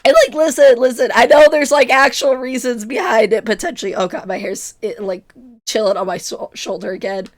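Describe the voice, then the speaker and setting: A woman's voice: on the high side, brisk. A woman in her twenties streaming and chatting casually, giggly and self-mocking, her voice strained from illness. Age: 20s. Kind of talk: casual chat with chat.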